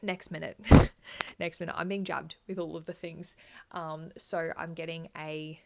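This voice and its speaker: A woman's voice: sits low, flat delivery, a little slow, vocal fry, heavy background noise. A young woman telling her birth story in candid, chatty style, swearing freely. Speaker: vlogger. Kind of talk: casual birth story chat.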